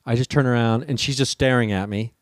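A man telling a long personal story in casual talk, lively and profane, acting out the people in it. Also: mid-range voice, fast talker, no echo, studio quality. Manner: animated, swears freely, acts out the people in his story.

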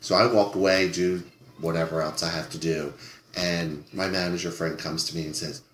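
A man's voice: low voice, moderate pace, a little hiss or hum. A man, a guest on a podcast, telling a story about a rude customer from his server days and acting out the people in it. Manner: animated, acts out the people in his story, swears freely. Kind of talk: casual storytelling. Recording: echoey room.

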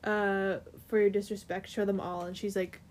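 A woman's voice: medium pitch, little pitch movement, moderate pace, a little mellow. A young woman co-hosting a casual chat, rambling through a plot recap with lots of fillers. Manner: chatty, rambling, filler-heavy. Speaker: co-host.

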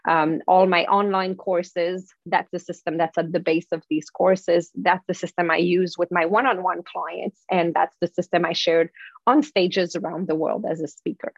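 A woman with a French accent, a guest on an interview, telling animated, expressive stories with frequent restarts. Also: fairly low pitch, normal speed, no room sound, dull audio. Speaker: guest, confidence speaker. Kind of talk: casual interview storytelling.

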